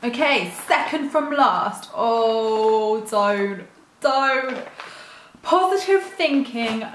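A woman chatting excitedly through an unboxing vlog, gushing over each item in a quick, casual way. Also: mid-range voice, slight background noise. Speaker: YouTube vlogger. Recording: roomy echo.

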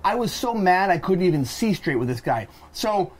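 A man co-hosting a podcast, retelling a bad travel day in an animated, exasperated way and acting out the people in it. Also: high voice, normal speed. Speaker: podcast co-host. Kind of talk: casual storytelling.

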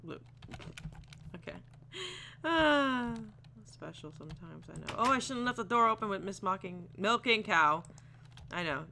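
Bright, chatty woman gaming. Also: lowish voice, normal speed, gravelly, slight background noise. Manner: chatty and giggly, talks to animals and slips into silly voices. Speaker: video game let's player. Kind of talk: casual gameplay commentary.

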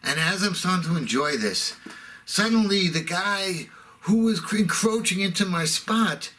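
A man's voice: high voice, expressive, unhurried, pushed and bright. A middle-aged man telling a sarcastic, self-mocking comic rant. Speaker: comedic ranter.

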